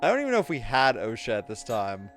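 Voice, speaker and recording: A man's voice: medium pitch, huge pitch swings, fast talker, fairly bright tone, faint music behind. A man casually commenting while streaming a game, joking and talking to his chat. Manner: chatty, jokey asides to chat. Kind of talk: casual let's-play commentary.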